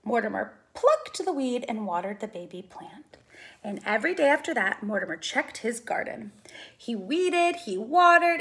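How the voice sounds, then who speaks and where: A woman, a preschool teacher, reading a picture book aloud with expressive, sing-song storytelling. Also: a little high, moderate pace.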